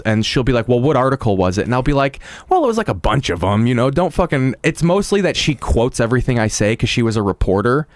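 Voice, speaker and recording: A man guesting on a podcast, telling stories in casual chat with an animated manner and plenty of casual swearing. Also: medium pitch, dry recording.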